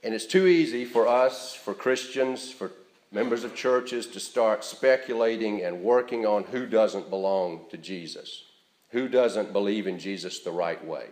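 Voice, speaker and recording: A man preaching a sermon as pastor in a church, earnest and deliberate, stressing key words as he speaks. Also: on the low side, a little mellow, roomy sound.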